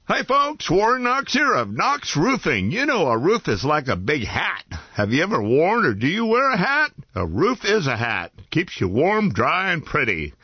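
A man's voice: fairly high pitch, wildly swooping pitch, normal speed, few pauses, exaggerated voice. A man playing a folksy, rambling small-town roofer in a silly commercial. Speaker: roofer in a comedy ad. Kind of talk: goofy commercial. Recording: lo-fi with clear background noise.

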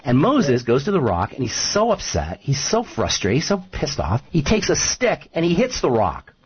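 A man's voice: fairly high pitch, wildly swooping pitch, moderate pace, breathy edge, muffled recording. A man speaking as a nutrition expert guest on a radio talk show, emphatic and repeating his points, often telling stories.

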